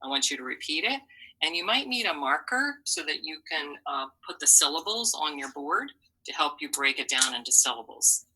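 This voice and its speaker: A woman's voice: deep voice, expressive, moderate pace, pushed and bright, breathy edge, low-quality recording. A woman teaching a phonics lesson to children, patiently sounding out letters and syllables and encouraging them.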